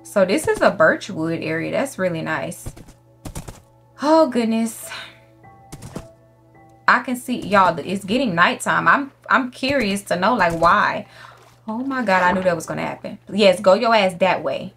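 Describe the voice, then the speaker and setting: A woman's voice: mid-range voice, expressive, measured pace, gravelly, a bit bright, soft background music. A young woman giving casual gameplay commentary, brash and profane, scolding the animals in her game. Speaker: gaming YouTuber.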